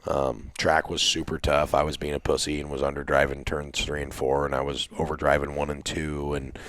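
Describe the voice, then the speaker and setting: A middle-aged man, a race car driver guesting on a podcast, telling stories in casual chat, animated and profane, acting out what people said. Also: very deep voice, brisk. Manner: animated, profane, acts out quotes.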